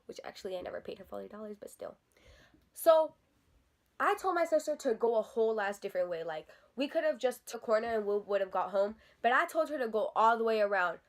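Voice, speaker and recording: A young woman vlogger telling a story in a casual, animated, and profane storytime style. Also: a little high, fairly quick.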